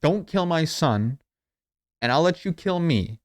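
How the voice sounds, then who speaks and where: A man playing a gruff Viking warrior father in a comedy recap, speaking in a flat, offhand, dismissive way. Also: fairly high pitch, unhurried, voice pushed up. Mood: blunt.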